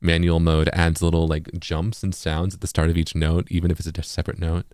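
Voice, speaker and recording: A man with an East Coast accent giving a casual tutorial, relaxed and full of fillers, sounding words out as examples. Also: low-pitched, a little fast, clean tone, dry recording, studio quality. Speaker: music producer and streamer.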